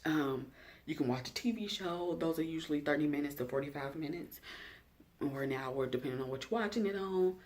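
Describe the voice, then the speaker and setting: A woman's voice: low voice, brisk, a little mellow. Chatty woman vlogger asking viewers questions. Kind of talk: casual self-care check-in talking to camera.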